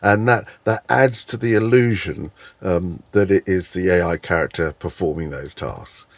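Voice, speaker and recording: A man's voice: low-pitched, moderate pace, dry recording. A man giving a casual tutorial, hesitating often with fillers and restarts. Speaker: tutorial creator.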